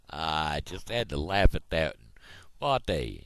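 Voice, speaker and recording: A man's voice: low voice, big pitch swings, unhurried, gravelly, no room sound. A man vlogging, telling jokes in a folksy storytelling way.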